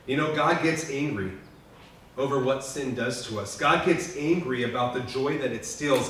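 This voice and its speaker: A man preaches a memorial sermon in a lodge hall, earnest and heartfelt. He swings from loud, pressing lines down to hushed ones. His voice booms around the echoey room, taken from a distance, with a faint hiss underneath. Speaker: pastor.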